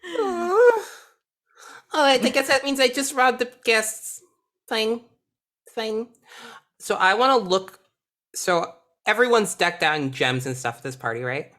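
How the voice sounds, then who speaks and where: A woman player in a tabletop role-playing game, playful and excitable. She chats casually, describing her character's antics with plenty of enthusiasm. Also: a little high, a little slow, pauses often.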